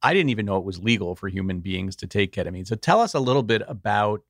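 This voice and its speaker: A man's voice: lowish voice, animated, fast, no echo, clean studio sound. A man hosting a podcast, introducing his guest in a friendly, joking way. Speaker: podcast host. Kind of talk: casual interview.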